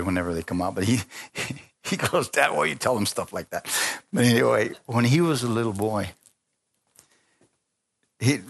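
A middle-aged man preaching a sermon, telling personal stories and acting out the voices in them. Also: lowish voice. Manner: animated storytelling, acting out voices. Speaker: pastor.

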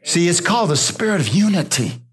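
A pastor preaching a sermon, drawing amens from the congregation and dropping to a soft, low voice when he quotes God. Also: very animated, a little fast. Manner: call-and-response preaching, asking the congregation for amens; drops low and soft for God's voice, rises for emphasis.

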